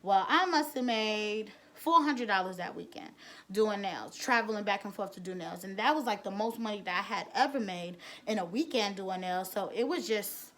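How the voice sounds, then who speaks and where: A woman's voice: mid-range voice, moderate pace, a bit bright. A woman, telling her own story bluntly, with frequent cursing and rambling restarts. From the Bronx, New York. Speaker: nail technician. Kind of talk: candid personal storytelling.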